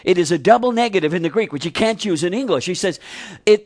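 A man's voice: high voice, expressive, fast talker. A man preaching a sermon, asking the congregation questions and repeating key phrases for emphasis. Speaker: pastor.

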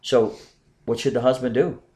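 A middle-aged pastor preaching earnestly to a congregation, pressing his points with emphasis, then dropping to quieter asides. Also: medium pitch, fairly even intonation, moderate pace, slight background noise. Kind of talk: sermon with congregation replies.

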